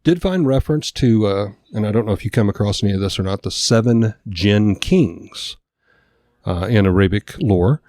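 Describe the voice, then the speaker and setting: Low, mellow man reading podcast notes. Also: animated, normal speed, no room sound, clean studio sound. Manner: reads notes aloud, stumbles over names. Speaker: podcast co-host. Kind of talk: casual podcast discussion.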